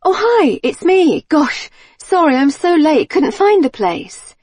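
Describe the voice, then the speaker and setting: A woman's voice: sits high, big pitch swings, normal speed, a little mellow, husky, dry recording, pitched above the performer's own voice, heavily acted. A woman voicing a flustered, apologetic suburban mum who gushes and pleads. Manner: gushing, apologetic, breathless.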